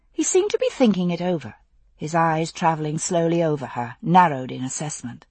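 A woman narrating a novel with intense, expressive storytelling. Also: sits low, normal speed, husky, no room sound. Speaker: audiobook narrator.

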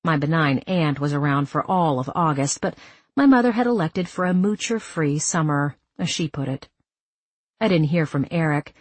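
A woman reading a first-person story aloud as an audiobook narrator, calm and measured. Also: low-pitched, husky, no echo.

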